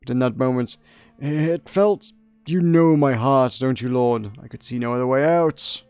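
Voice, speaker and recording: Brief: man playing a tormented king confessing in prayer, slow and gravelly, dry sound. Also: mid-range voice, a little mellow, dry recording, close to an everyday voice. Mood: anguished. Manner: anguished, confessional. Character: guilt-stricken middle-aged king praying.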